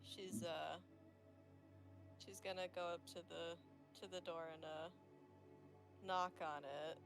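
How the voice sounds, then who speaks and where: A woman's voice: fairly low pitch, fairly even intonation, takes it slowly, vocal fry, music in the background. A woman player describing her character's actions in a tabletop game, hesitant and full of fillers.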